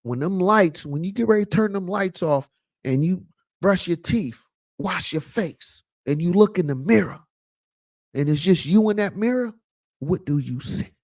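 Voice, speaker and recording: A man's voice: sits high, lively intonation, normal speed, darkish tone. A man giving a casual, preachy commentary monologue, repeating lines for emphasis and dropping in lots of fillers. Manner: loose casual speech with many fillers. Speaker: vlog host.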